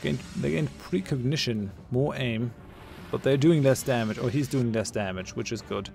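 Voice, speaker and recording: A man's voice: mid-range voice, normal speed, creaky. A man giving casual commentary while he plays a game, thinking aloud, muttering and laughing at his own jokes. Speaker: gamer playing a ship combat game.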